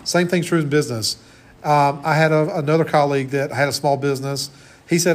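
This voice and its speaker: A man's voice: on the high side, fairly even intonation, brisk. A man in his forties giving a conversational classroom lecture as college instructor, often restarting his sentences. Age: 40s.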